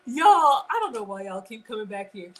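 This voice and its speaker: Cooking live from her kitchen at home, a woman from Ghana in her forties chats with viewers, reads out their comments, and pokes fun at herself. She talks fast in a sing-song, medium-pitched voice. The audio is poor, with a bit of hiss or hum.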